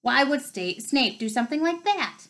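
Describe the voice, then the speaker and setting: A gruff, insistent giant of a man speaks in a storybook reading, with a woman putting him on. The voice sits fairly high and stays close to the reader's own. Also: very animated, normal speed, a bit bright, exaggerated voice. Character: Hagrid, big gruff grown man gamekeeper.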